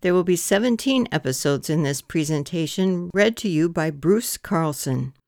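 A woman giving a measured, formal introduction to an audiobook series. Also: on the low side, lively intonation, darkish tone, no room sound, clean studio sound. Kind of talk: scripted introduction.

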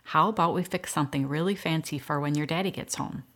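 A woman voicing a gentle young woman caring for twin girls, coaxing and warm with them. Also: low voice, quick pace.

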